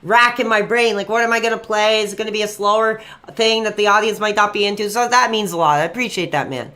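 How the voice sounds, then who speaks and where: A man hosting a livestream and taking calls, chatty and excitable, quick to flare up. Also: high voice. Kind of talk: casual call-in chat.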